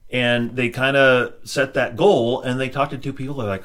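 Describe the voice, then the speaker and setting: A man's voice: mid-range voice, fairly quick, few pauses, a bit bright. A man hosting a podcast, chatting casually and then closing with a reflective, encouraging monologue. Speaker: podcast host.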